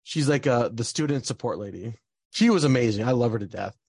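A man's voice: mid-range voice, expressive, a little fast, a little mellow, slightly rough, dry recording. A young man telling a personal story in casual talk, rambling with lots of fillers and restarts.

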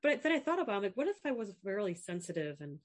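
A woman's voice: medium pitch, rapid-fire. A young woman talking frankly in a casual interview, telling stories and acting out what others said. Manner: frank, animated storyteller, quotes others in voices. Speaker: app founder and guest. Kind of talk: candid casual interview talk.

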